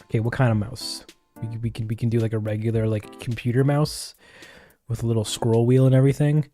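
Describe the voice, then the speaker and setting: Man, casual stream chat, rambling and playful, mellow voice, faint music behind. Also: mid-range voice, flat delivery, fairly quick. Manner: rambling, playful, laughs often.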